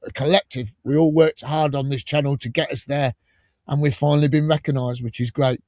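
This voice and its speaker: A man with an English Midlands accent hosting a casual fan podcast, chatting and telling stories in a lively way. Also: medium pitch, a little fast, dry recording, clean studio sound. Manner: chatty storyteller, lively and animated. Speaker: podcast host. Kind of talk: casual chat.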